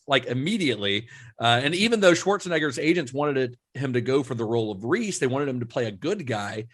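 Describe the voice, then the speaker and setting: A man co-hosting a casual film podcast, recounting production history at an easygoing pace with occasional fillers. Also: mid-range voice. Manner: relaxed storyteller with occasional fillers. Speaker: podcast co-host. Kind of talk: casual chat.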